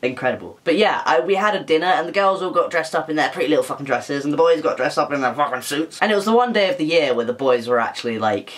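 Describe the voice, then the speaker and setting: A man's voice: fairly high pitch, expressive, quick pace, hardly any pauses, fairly bright tone. A young man from England ranting to camera about his pet peeves, blunt, sweary and exasperated. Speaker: YouTuber. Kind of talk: casual rant to camera.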